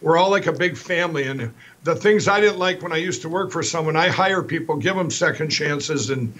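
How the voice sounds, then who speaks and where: Appearing as a guest, a middle-aged man from Minnesota who founded a company recounts his story. He talks quickly and animatedly in a slightly high voice, rambling and often starting over.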